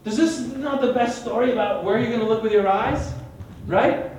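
A high-voiced man teaching a small group in sermon style, animated and full of questions for his listeners. He is caught from a distance in a very roomy, echoing space. A faint hiss runs underneath. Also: moderate pace. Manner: animated, quizzes listeners by name, dramatic retelling. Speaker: Bible study leader. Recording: echoey room from far off.

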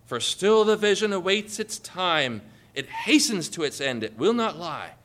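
A man preaching a sermon in an animated, emphatic way, asking the listeners rhetorical questions. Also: sits high, measured pace.

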